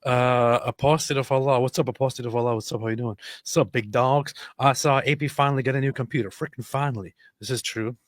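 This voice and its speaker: Male stream host, laid-back and joking, reads chat, mid pitch, dry close mic. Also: quick pace, hardly any pauses, no room sound. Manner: relaxed, joking, reads viewer comments aloud. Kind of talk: casual livestream chat.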